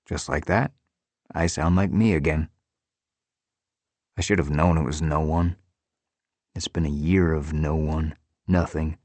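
A man reading a first-person story aloud in a measured, low-key way. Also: darkish tone, no room sound. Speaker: audiobook narrator. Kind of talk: first-person scripted narration.

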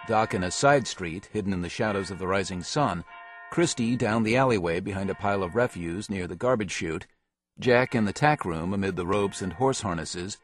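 A man giving a steady, measured scripted audiobook narration. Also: lowish voice.

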